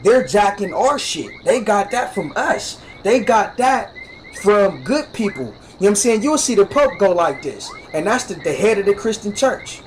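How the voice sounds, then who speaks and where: A man's voice: sits high, sing-song, moderate pace, slight background noise, rough recording. A man teaching spirituality on a livestream in a repetitive, profane, emphatic way, often asking "you know what I'm saying". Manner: emphatic and instructive, demonstrates with hand gestures. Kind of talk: preachy livestream monologue.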